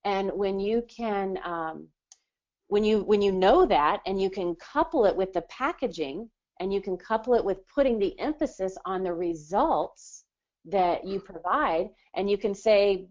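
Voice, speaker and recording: A woman business coach giving energetic, persuasive advice in a live hot seat coaching session. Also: mid-range voice, measured pace, muffled recording. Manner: energetic, persuasive, acts out client voices.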